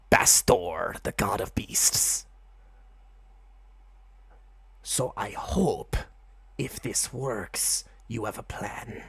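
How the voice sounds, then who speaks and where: A man's voice: on the low side, dry recording, heavily acted. A man whispering as a menacing rat god. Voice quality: hushed, breathy whisper. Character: small male rat god, crowned, menacing and scornful.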